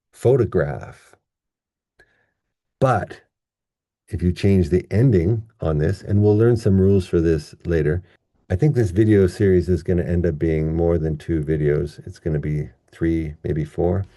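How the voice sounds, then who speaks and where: A man teaching English pronunciation in a casual online lesson, chatty and relaxed, drawing words out slowly to demonstrate them. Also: low voice, no room sound, studio quality.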